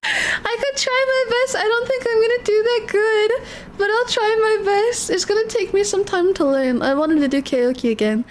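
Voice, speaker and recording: High-voiced woman chatting on stream. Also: moderate pace, slight background noise. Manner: rambling, apologetic, emotional, many restarts. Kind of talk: casual livestream chat.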